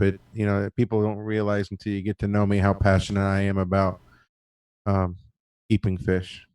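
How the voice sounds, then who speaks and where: A man who breeds fish, speaking in casual chat, earnest and halting with repeated words, choked up with emotion. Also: on the low side, completely flat delivery, a little mellow, clean tone. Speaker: fish breeder and show host.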